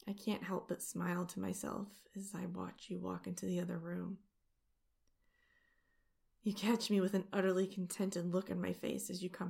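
A woman telling an intimate first-person story as whispered role-play, in a soft, hushed voice. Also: lowish voice, vocal fry, breathy edge.

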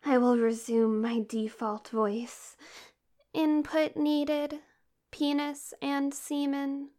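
An obedient female robot speaks in a slow, flat, mechanical monotone, as a woman puts her on. Her voice sits high and barely moves in pitch. Every line is measured and deliberate, like a programmed servant in an erotic audio role-play.

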